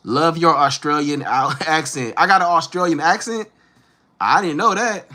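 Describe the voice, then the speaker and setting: A man's voice: on the high side, moderate pace, sharp tone. A man in his thirties from Northern California with a Northern Californian accent, chatting casually and slangily with viewers on a livestream. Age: 30s. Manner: laid-back, slangy, talks straight to viewers. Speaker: livestream host. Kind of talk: casual live chat answering viewers.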